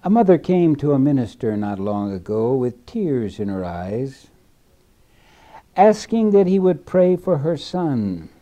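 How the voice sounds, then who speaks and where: A man preaching a sermon in a slow, deliberate way, dropping to a hush and then rising loud again. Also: medium pitch, very animated, lo-fi sound.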